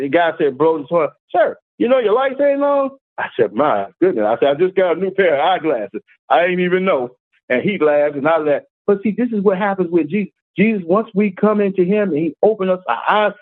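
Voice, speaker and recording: A man's voice: mid-range voice, no echo. A man preaching an informal, folksy sermon, telling stories with many restarts and repeats. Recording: tinny phone-like line.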